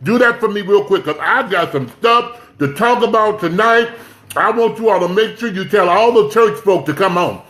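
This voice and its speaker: A man sits at home hosting a laid-back livestream, his high voice expressive and his pace normal. He chats away with viewers, calls them out by name and keeps asking them to share.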